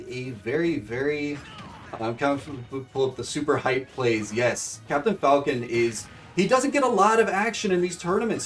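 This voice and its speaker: Excitable man doing rambling play-by-play. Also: mid-range voice, distant mic. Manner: excitable, rambling with many fillers, calls viewers folks. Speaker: streamer commentating AI fight bracket. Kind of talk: casual play-by-play commentary.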